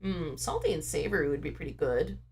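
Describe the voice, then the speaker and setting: A woman's voice: low-pitched, expressive, fairly quick, a little mellow, breathy edge. A woman game streamer at home, chatting casually into a desk microphone in a rambling, talkative, self-mocking way. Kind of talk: casual chat.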